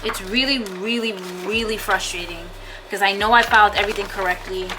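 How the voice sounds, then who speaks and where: A woman with a medium-pitched voice talks fairly quickly over background noise, vlogging casually about her small business. She vents her frustration, swears often and repeats herself, first while out and about and then at home.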